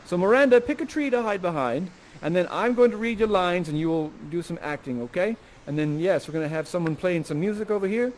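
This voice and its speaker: A man's voice: sits high, animated, fairly quick, hardly any pauses, darkish tone, a little hiss or hum. A man playing Prospero and coaching the audience through a comic, improvised Shakespeare scene, playful and hammy.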